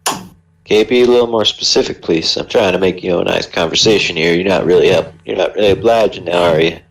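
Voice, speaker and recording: A man's voice: deep voice, fast talker, vocal fry, low-quality recording. A man voicing a chatty male adventurer with a put-on Southern drawl, friendly and prying. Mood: folksy prying. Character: chatty folksy male adventurer questioning a prisoner.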